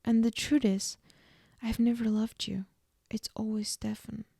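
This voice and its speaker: Cold, scheming female vampire, read by a woman, mellow and gravelly. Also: medium pitch, a little slow, no echo, clean studio sound.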